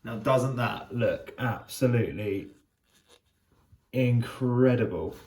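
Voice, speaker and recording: A man hosting a cooking vlog, tasting his dish and gushing over it in an excitable, casual way. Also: medium pitch, moderate pace, reverberant. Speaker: cooking show host.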